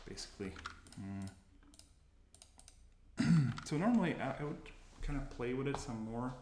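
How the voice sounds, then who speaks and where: A man casually narrating his coding session. He thinks aloud, stops often and corrects himself. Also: medium pitch. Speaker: developer demoing his coding workflow. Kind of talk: casual screencast commentary. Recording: roomy with noticeable background noise. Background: keyboard typing and mouse clicks.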